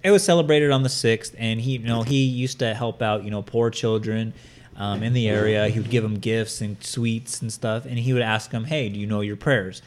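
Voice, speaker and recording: A man's voice: on the low side, steady tone, moderate pace. A man co-hosting a casual podcast, rambling through a story with lots of fillers and swearing. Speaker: podcast co-host.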